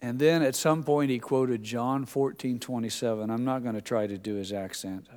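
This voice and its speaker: An older man preaching a sermon to his congregation, conversational in tone with dramatic shifts from quiet to loud. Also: mid-range voice, fairly even intonation, normal speed. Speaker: pastor. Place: church sanctuary. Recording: long hall reverb.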